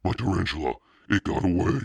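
A loud, mischievous schoolboy prankster, as a man reading the book puts him on. He shouts and teases, pushed up a little from a very deep, gravelly voice. The sound is close and dry. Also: normal speed, no echo, exaggerated voice. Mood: shouting. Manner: shouting, teasing. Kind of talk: audiobook reading.

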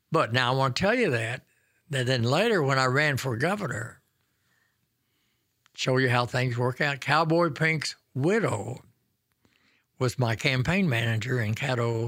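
A man in his nineties from Oklahoma spins folksy, self-deprecating stories from his years in office. His voice sits at an ordinary middle pitch, and the sound is dry and close with no room around it. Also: a bit bright, no room sound. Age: 90s. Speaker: former governor, guest. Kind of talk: storytelling reminiscence.

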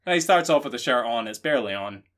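A Scottish man co-hosting a podcast, riffing through jokes in a deadpan, rambling way. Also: medium pitch, fast. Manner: deadpan, rambling joking riffs. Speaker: podcast co-host. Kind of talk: comedic casual chat.

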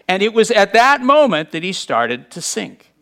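A man with a fairly high voice preaches a sermon. He talks to the congregation in a conversational way and acts out the voices of the people in the story with lively bursts. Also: normal speed. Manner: conversational and animated, acting out quotes.

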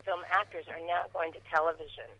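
A woman's voice: deep voice, steady tone, brisk, husky. A woman talking shop as a talent manager and producer, chatty, laughing often and restarting her sentences. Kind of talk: casual chat. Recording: tinny phone line.

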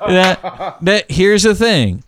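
A man's voice: high-pitched, expressive, slow, a bit bright, dry recording, clean studio sound. A man co-hosting a podcast, giving emphatic advice in casual chat, with frequent restarts and fillers.

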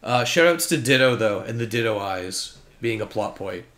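A man chatting casually about a movie with a friend, talking in quick, animated bursts. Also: lowish voice. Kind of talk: casual chat.

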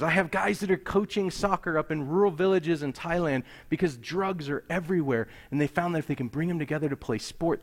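Animated pastor telling a story. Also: male voice, a little high. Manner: animated storyteller acting out dialogue, dropping to near-whispers. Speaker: pastor serving missionaries. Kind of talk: sermon storytelling.

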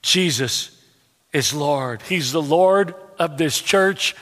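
A male pastor with a high, bright-toned voice delivers an animated, joking sermon, often doubling back on his words as he goes. His voice carries a long reverb, as if ringing through a big church hall. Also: slow. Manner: animated, humorous storytelling with repetitions and stammered restarts.

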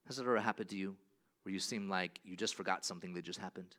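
A man preaching a sermon as pastor, swinging from loud exclamations to quiet scripture reading. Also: deep voice, fast.

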